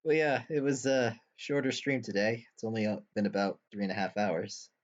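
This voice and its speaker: A man with a low voice co-hosts a reaction stream, dry and easygoing with a gentle teasing edge. His audio sounds dull and lo-fi, like a muffled home mic. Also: fairly even intonation, normal speed. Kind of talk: casual chat.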